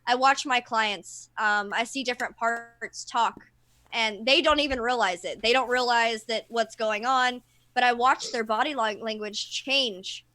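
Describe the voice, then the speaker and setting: A woman's voice: on the high side, a little slow, pushed and bright. A woman who works with clients, talking openly and explaining things in casual chat. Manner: open, explanatory, many fillers. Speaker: therapist.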